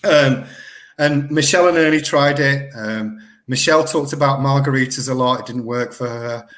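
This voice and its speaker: A middle-aged man telling a story as a guest in an interview, excitable and animated, often restarting his sentences. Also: mid-range voice, moderate pace. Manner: animated, excitable retelling with lots of self-corrections. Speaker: guest researcher.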